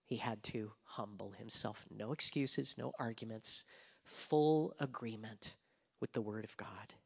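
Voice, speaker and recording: A pastor preaching a sermon with passion, rising to loud emphasis and dropping to hushed whispers. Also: male voice, on the low side, measured pace, creaky, slightly rough. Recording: long hall reverb.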